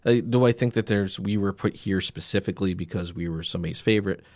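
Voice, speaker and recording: A man's voice: deep voice, fast, a little mellow, no room sound. A man co-hosting a casual podcast, rambling and joking with plenty of restarts and fillers, with a Northeastern Pennsylvania accent. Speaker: podcast co-host. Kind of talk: casual chat.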